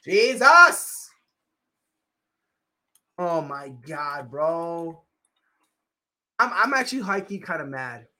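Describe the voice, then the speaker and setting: Excitable man, loud bursts and hushed mutters. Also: fairly high pitch, slow, pauses often. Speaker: podcast co-host. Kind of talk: casual chat.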